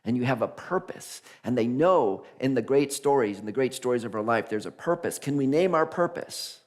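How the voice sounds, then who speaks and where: A man minister preaching a conversational Sunday sermon, animated and laughing as he acts out the voices of figures in his stories. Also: mid-range voice, normal speed. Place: church sanctuary.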